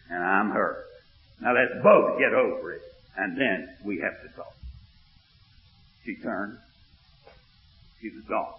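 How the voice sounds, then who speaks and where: Speaking slowly with long pauses, a preacher tells a story in his sermon, voicing its dialogue low and then climbing into animated, emphatic preaching. The sound is muffled, captured in a hall with echo.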